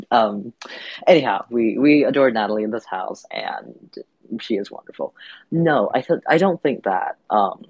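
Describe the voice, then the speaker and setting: A man's voice: fairly low pitch, expressive, moderate pace, creaky, a little mellow, breathy edge, no echo. A man from Vietnam, a podcast guest, talking thoughtfully and hesitantly with many fillers and restarts, in dull lo-fi audio. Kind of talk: reflective podcast conversation.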